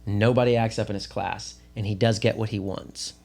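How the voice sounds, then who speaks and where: A man who is a drama teacher, co-hosting a podcast and telling lively stories in casual chat. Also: fairly low pitch, creaky. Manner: animated storyteller, quick asides.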